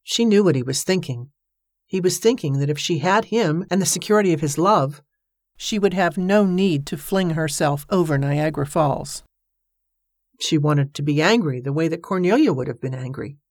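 Low-voiced woman reading a novel. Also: normal speed, darkish tone, no room sound, studio quality. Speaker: audiobook narrator. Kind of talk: scripted narration.

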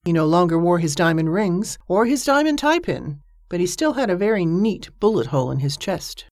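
A woman reading a story aloud as an audiobook narrator, with a steady storytelling manner. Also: moderate pace, dry recording, studio quality. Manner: steady storytelling voice, lifting pitch for characters' dialogue. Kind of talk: scripted narration.

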